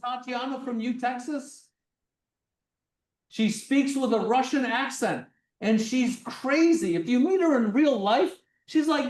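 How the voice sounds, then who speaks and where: A middle-aged physics presenter runs a lively workshop, acting out examples and projecting loudly at times. The voice sits a little away from the microphone. The room gives it a noticeable echo. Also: medium pitch, unhurried, distant mic. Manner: animated, acts things out, projects loudly. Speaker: physics lecture demonstrator. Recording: roomy sound from away from the mic.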